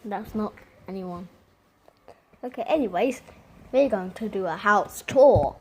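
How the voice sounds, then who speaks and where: A woman's voice: medium pitch, a little slow, breathy edge. A woman casually walking through a house on a phone camera, chatting and joking as she shows each room. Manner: chatty, jokey, giggly. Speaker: vlogger giving a home tour. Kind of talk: casual tour walkthrough. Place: inside a house, moving from room to room.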